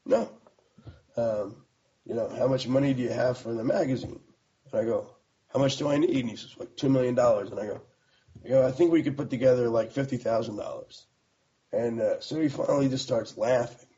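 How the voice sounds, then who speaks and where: A man's voice: medium pitch, a little fast, warm tone, highs cut off. A middle-aged American man telling the story of starting his magazine in a casual, rambling way, full of fillers and restarts.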